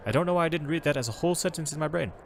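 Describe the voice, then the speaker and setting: A man streaming a travel game, reading its text aloud and chatting casually, in an animated, self-correcting way. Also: fairly high pitch, very fast, creaky, slight background noise.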